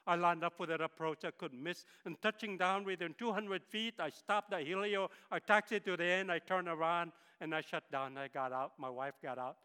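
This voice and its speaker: A man's voice: high-pitched, steady tone, moderate pace, few pauses, bright, forceful tone, clean tone, big-room sound. A man, giving an impassioned sermon testimony as a guest speaker in a church. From northern Philippines. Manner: impassioned storytelling. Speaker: missionary pilot, guest speaker.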